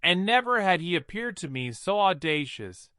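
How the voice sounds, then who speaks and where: A man reading a classic adventure novel aloud in a measured, dramatic narration. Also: sits high, very animated, sharp tone, clear, resonant tone, no room sound, clean studio sound. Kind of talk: audiobook narration.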